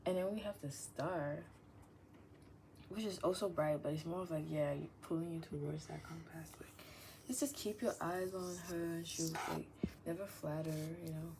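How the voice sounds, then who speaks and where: Low-voiced woman rambling over background noise. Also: moderate pace. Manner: meandering, heavy use of "like", drifts into soft whispers, laughs often. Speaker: vlogger. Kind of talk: casual rambling chat. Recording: clearly audible background noise.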